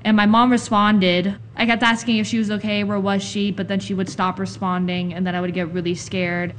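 A young woman in an interview recounting a personal experience in a quiet, flat way. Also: medium pitch, a little fast, slight background noise.

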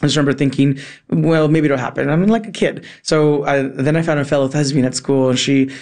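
A man from California spins a childhood story in relaxed, animated conversation. His voice has a gravelly edge, and he keeps acting out the people in his tale, dropping in Spanish words along the way. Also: a little high, a little fast. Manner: animated, acts out voices in his anecdotes, many "like" fillers; drops in Spanish words and phrases.

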